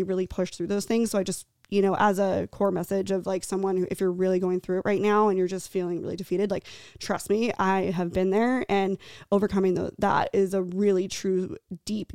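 A woman in her thirties co-hosting a podcast, telling a personal story in an earnest, halting way, tearful and choked up at times. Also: mid-range voice, fairly even intonation, creaky, darkish tone, no room sound, clean studio sound. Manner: earnest, halting, many restarts and fillers. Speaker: podcast co-host.

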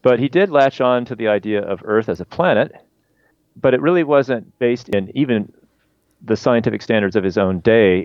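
Male guest expert, low voice, dry dull recording. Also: smooth, no room sound. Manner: animated with frequent restarts, quick bursts. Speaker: guest author and historian of science. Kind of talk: conversational explanation. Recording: dull lo-fi remote line.

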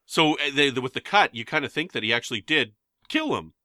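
A man's voice: medium pitch, sing-song, quick pace, bright, forceful tone, no echo, clean studio sound. A man from Canada co-hosting a casual podcast chat, joking and restarting his sentences. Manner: chatty, joking asides, many restarts. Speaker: podcast co-host.

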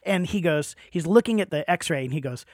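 A man from Oregon, co-hosting a podcast and telling a story in a lively, laughing way, acting out the people in it. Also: fairly high pitch, fairly quick, dry recording, studio quality. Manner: animated, laughing storyteller who acts out other people. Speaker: podcast co-host.

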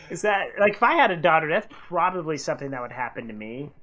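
A man co-hosting a radio show, reading funny listener anecdotes in casual chat and acting out the quoted lines with big pitch jumps. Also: sharp tone. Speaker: radio co-host.

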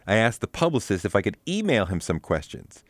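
A man's voice: fairly low pitch, sing-song, fairly quick, no echo. A man narrating his own memoir as an audiobook in a wry, conversational storytelling manner.

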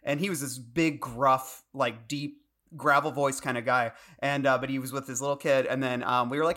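A man co-hosting a podcast in casual chat, enthusiastic and quick to laugh. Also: mid-range voice, fairly even intonation, pushed and bright. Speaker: podcast co-host.

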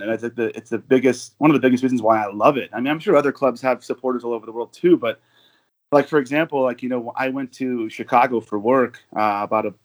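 A man from the United States, a guest on a casual podcast, telling long stories with lots of fillers and restarts. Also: mid-range voice. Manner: rambling storyteller with many fillers and restarts. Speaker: guest, overseas football supporter.

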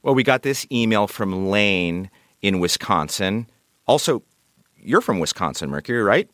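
A man hosting a public radio interview in a measured way, reading listener messages and asking questions. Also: fairly low pitch, expressive, fairly bright tone, no room sound, clean studio sound. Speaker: radio show host.

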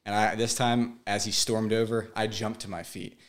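Guy in his 20s, lowish voice, halting emotional storytelling, keeps repeating words. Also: flat delivery. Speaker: podcast guest. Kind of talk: personal storytelling.

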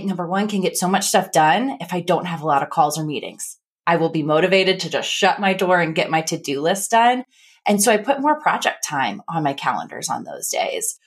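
Midwest lady hosting a podcast, lower voice, animated, acts out little quotes. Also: moderate pace. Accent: American Midwest. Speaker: podcast host. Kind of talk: casual podcast chat.

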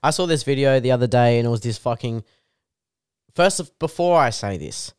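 A man's voice: mid-range voice, animated, fairly quick, smooth, dry recording, studio quality. A man ranting in crude, swear-heavy podcast banter. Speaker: podcast co-host.

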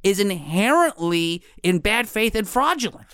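Smooth-voiced male podcast host. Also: high-pitched, big pitch swings, a little slow, pushed and bright, no echo. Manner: earnest, chatty, laughs often. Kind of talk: casual podcast chat.

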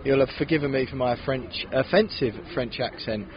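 A man's voice: mid-range voice, moderate pace, muffled recording, slight background noise. A man hosting a podcast, chatting casually and with animation, recorded outdoors outside a city bar. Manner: chatty, animated, laughs often. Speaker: podcast host. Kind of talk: casual chat.

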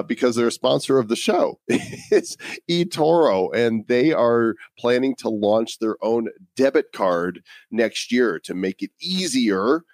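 A man's voice: mid-range voice, no room sound. Jokey male podcast host, dry sound. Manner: jokey, laughs often. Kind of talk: casual chat.

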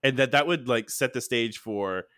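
A man's voice: mid-range voice, moderate pace, no room sound, clean studio sound. A man co-hosting a podcast, telling rambling stories with lots of laughter in casual chat. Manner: animated, rambling storytelling with frequent laughs. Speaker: podcast co-host.

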